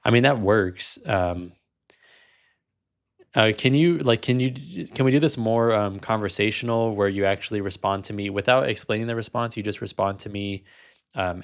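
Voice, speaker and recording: A man hosting a vlog, talking casually with lots of fillers and restarts. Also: on the low side. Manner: casual, many fillers, self-correcting. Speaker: vlog host, language learner. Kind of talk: casual chat.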